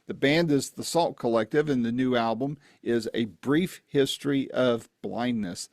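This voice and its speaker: Folksy podcast host, dry close sound. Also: male voice, medium pitch, darkish tone, dry recording. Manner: friendly, folksy, with promo asides. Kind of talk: podcast intro and interview. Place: East Tennessee, home setup.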